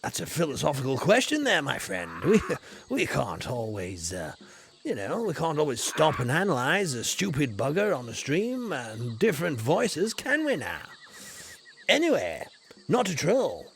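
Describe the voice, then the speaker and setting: A playful Yorkshire man commentating a game on a livestream, putting on mock-posh airs. His voice sits slightly high and swoops widely, jumping from loud greetings to low mumbles. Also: huge pitch swings, normal speed, gravelly. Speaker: streamer.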